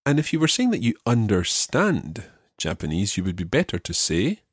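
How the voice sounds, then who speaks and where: A man teaching a podcast language lesson, patiently repeating each phrase slowly for learners. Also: fairly low pitch, wildly swooping pitch, slightly rough, no room sound, clean studio sound.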